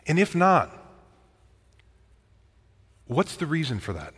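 A man preaching a sermon in a conversational way, asking his listeners direct questions and sometimes dropping to a quiet voice for a personal story. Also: very animated, takes it slowly, slightly rough. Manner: drops into a quiet, low voice when telling a personal story. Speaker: pastor. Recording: long reverb of a large hall.

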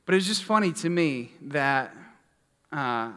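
A man's voice: on the high side, expressive, slow pace, a bit bright. Guy pastor rambling thru a story, um and like everywhere, big echoey hall. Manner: casual, rambling, lots of fillers. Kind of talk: sermon storytelling.

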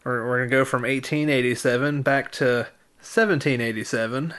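A man co-hosting a casual history podcast, chatting easily and then reading history segments in an even, informative way. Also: medium pitch, brisk. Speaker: podcast co-host.

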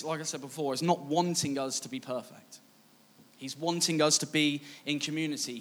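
A man delivers a sermon through personal anecdote. He talks conversationally and pokes fun at himself, acting out past dialogue as he goes. His delivery stays relaxed and chatty. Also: fairly high pitch. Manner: conversational, self-mocking, acts out dialogue. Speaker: preacher.

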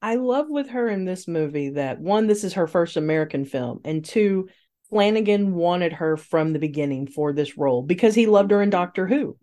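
A woman's voice: fairly low pitch, lively intonation, normal speed, mellow. A woman co-hosting a podcast in casual chat, chatty and rambling, laughing often. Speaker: podcast co-host.

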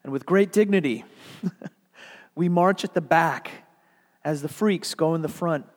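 A man's voice: on the high side, measured pace. A male pastor delivering a sermon with dramatic, earnest storytelling. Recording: long hall reverb.

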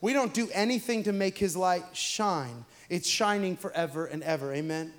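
A young adult man, a pastor preaching a sermon in a chatty storytelling way that builds to shouted emphasis. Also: high-pitched, moderate pace.

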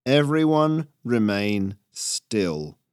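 A ruthless squirrel rebel leader , put on by a male storyteller, speaks slowly and with cold menace in a commanding, snarling tone. His voice sits a touch low, dry and close. He sounds like a storybook villain who cannot be argued with. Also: no echo.

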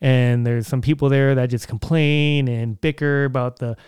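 A young man musing aloud on his podcast in a loose, meandering way, full of "uh" and restarts. His voice is smooth and resonant, and it sits dry and close to the mic. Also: mid-range voice, steady tone, normal speed, darkish tone, no room sound. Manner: rambling, conversational, many fillers and restarts. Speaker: podcast host. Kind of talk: casual solo podcast monologue.

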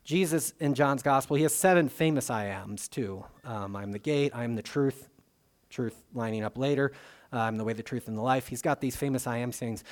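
A man preaching a sermon in a conversational way, with swings in loudness and frequent fillers and restarts. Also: mid-range voice, brisk. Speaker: pastor.

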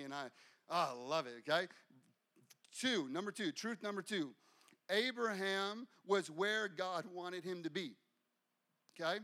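A man's voice: high voice, expressive, measured pace, pauses often, bright, forceful tone. A man preaching a sermon as pastor, fervent and repeating phrases for emphasis.

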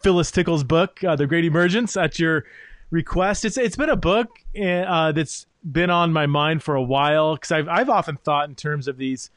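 A man's voice: a little high, normal speed, a bit bright, no room sound. A man hosting a podcast, talking through ideas in a thoughtful, searching way with many fillers. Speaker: podcast host. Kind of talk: interview conversation.

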